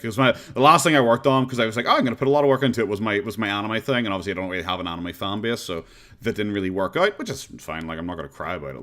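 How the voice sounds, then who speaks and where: A man's voice: on the low side, a bit bright. A man with an Irish accent chatting casually on a live stream, rambling and sarcastic, often breaking into laughter. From Ireland.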